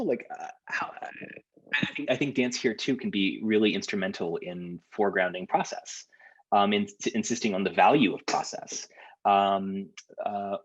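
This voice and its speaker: A man leading a seminar over a video call, with a low, slightly husky voice. He talks hesitantly, full of ums and restarts. The audio is dull and lo-fi, as from a call. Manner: hesitant, lots of fillers and restarts. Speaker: workshop leader.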